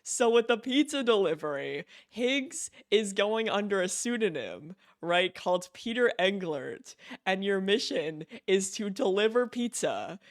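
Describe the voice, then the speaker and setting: A man's voice: sits high, sing-song, measured pace, hardly any pauses, dry recording, clean studio sound. A man live-streaming a video game, chatting casually in a gushing, giggly way and repeating himself.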